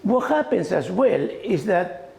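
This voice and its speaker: An exhibiting photographer, an older Argentine-born man, shares animated stories at a small gallery event with a high-sitting voice, measured pace, and vocal fry. He uses non-native grammar and keeps saying "you know"; the echoey room has faint background noise.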